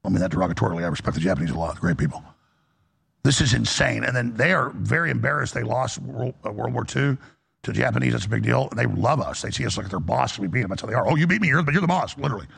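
A man's voice: on the low side, quick pace, creaky, a bit bright, husky. A man hosting a talk radio show with callers, talking in a rambling, emphatic way. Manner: rambling, emphatic, mocking quoted voices.

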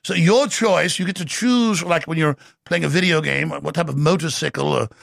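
Gravelly, bombastic male talk host. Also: a little high, fairly bright tone, no echo, clean studio sound. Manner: bombastic, fast-talking, scornful. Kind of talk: ranting talk radio monologue.

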